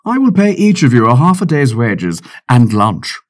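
A man's voice: medium pitch, very animated, moderate pace, lightly acted. Man doing a weary, unimpressed navy captain. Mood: lecturing. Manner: dry, exasperated, lecturing. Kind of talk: audiobook character voice.

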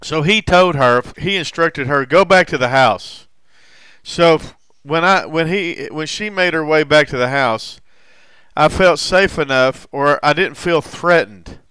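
A man in recovery telling a personal story in a halting way, with frequent restarts and heavy swearing. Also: a little high, bright, forceful tone, clean tone, no echo. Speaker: recovering alcoholic sharing his story.

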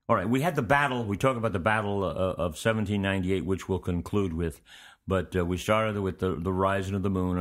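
Low-voiced man giving a rambling history lecture. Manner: relaxed, meandering, conversational delivery. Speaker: history teacher and show host. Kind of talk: informal history lecture to students.

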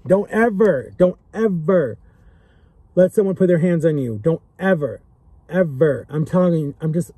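A man's voice: a little high, lively intonation, a little slow, mellow, breathy edge, no echo. A young man talking straight to camera in an impassioned vlog, earnest and pleading, repeating himself for emphasis and emotional as he speaks. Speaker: vlogger. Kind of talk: impassioned direct-to-camera talk.

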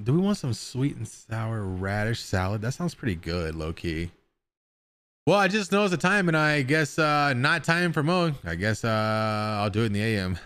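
A man's voice: mid-range voice, a bit bright. A man streaming live, chatting casually with his viewers in a rambling way and swearing now and then.

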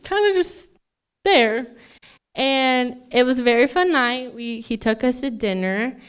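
A woman's voice: a little high, smooth. A young woman giving a maid of honor toast at a wedding reception, chatty and emotional, laughing often between fillers.

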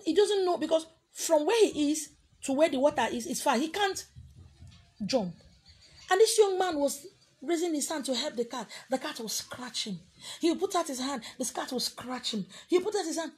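A woman's voice: high-pitched, animated, normal speed. A Nigerian-accented woman speaking in a defiant, emphatic vlog monologue.

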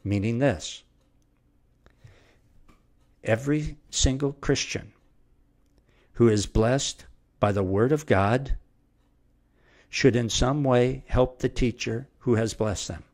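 A man's voice: mid-range voice, slow pace, long pauses, a little mellow. A middle-aged man preaching a verse-by-verse Bible sermon with an emphatic, repetitive cadence.

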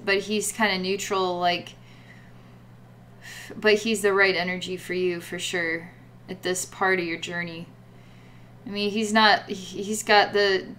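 A woman leads a guided psychic reading, talking to a client about energies and visions. She rambles, with many fillers and repeated words. Her voice sits at a middle pitch. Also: fairly bright tone. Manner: rambling, full of "like" and repetitions. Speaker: psychic reader.

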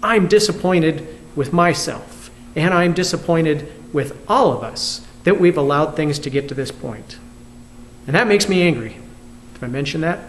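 Male pastor, high voice, reflective video sermon, asks the viewers questions. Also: slight background noise. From United States. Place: church.

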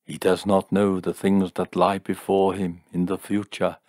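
A man voicing a grave fortune teller in an audiobook story, intoning slowly and mournfully in a deep voice. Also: flat delivery, a little mellow, dry recording, clean studio sound. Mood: solemn. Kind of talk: audiobook character voice.

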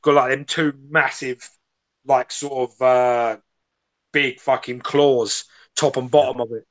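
Bright-voiced man chatting. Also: medium pitch, little pitch movement, slow pace, no room sound. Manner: enthusiastic, tag questions, casual swearing. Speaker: co-host of collectibles chat. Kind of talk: casual chat.

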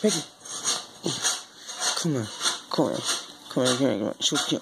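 Speaking at a moderate pace with long pauses, a man with a creaky, mid-range voice and lively intonation rambles through a casual vlog shot on a handheld phone. He's frustrated and swears constantly, first outdoors where wind noise comes through, then back at home.

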